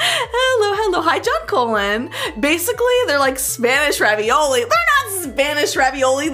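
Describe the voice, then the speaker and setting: A woman's voice: a little high, very animated, moderate pace, fairly bright tone. Bubbly woman streaming from her kitchen, giggles a lot, voice bounces all over, faint music behind. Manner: chatty and giggly, greets chat. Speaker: livestreamer. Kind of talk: casual cooking livestream.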